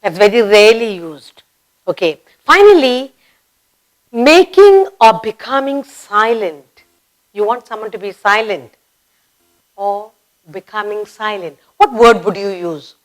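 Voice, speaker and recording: A woman teaching a basic grammar lesson for children. She speaks slowly, repeats key words and acts out example exclamations. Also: mid-range voice, expressive, poor audio. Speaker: English teacher.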